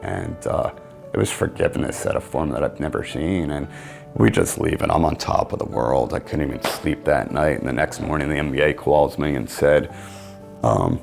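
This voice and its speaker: Deep gravelly man telling a story. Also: moderate pace, soft background music. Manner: animated storyteller, acts out quotes. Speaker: interview guest, sports marketing agent. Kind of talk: storytelling in a podcast interview.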